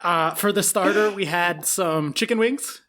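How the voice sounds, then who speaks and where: Man, high-pitched voice, podcast co-host, casual chat, playful joking. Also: measured pace, sharp tone.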